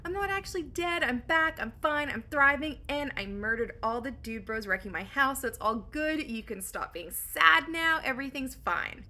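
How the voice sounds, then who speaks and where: A woman's voice: fairly high pitch, expressive, fairly quick, sharp tone. A woman voicing a cocky, scheming male king who plays pranks, parodied in breezy modern slang.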